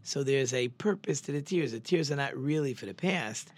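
A man retells a religious story as an informal Torah lesson. He rambles and stops to correct himself. He slows right down to press on the words that matter. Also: medium pitch, animated. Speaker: religious teacher.

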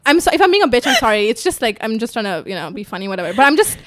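A young woman with a slightly high voice, talking in a blunt, foul-mouthed way and telling animated stories in casual chat. The sound is dry and close, with no room behind her. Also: rapid-fire, no room sound. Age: young adult. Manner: blunt, swears a lot, animated storytelling.

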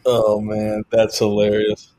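A man hosting a podcast, chatting easily with his guest and reading a sponsor plug in a relaxed conversational way. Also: fairly low pitch, slow. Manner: easygoing, reads ad in relaxed conversational way. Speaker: podcast host. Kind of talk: casual podcast chat and host-read ad.

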